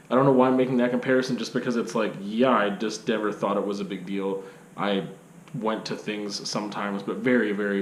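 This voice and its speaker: A Canadian man with a mid-range voice, a video blogger and artist, rambles through a casual unscripted monologue in his art studio. He's self-deprecating and hedges constantly with fillers, and the room sounds echoey.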